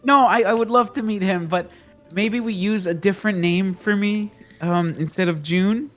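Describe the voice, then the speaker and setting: A man playing in a tabletop game, speaking in a hesitant, halting way. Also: high voice, a bit bright, faint music behind. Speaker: player. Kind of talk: casual tabletop play.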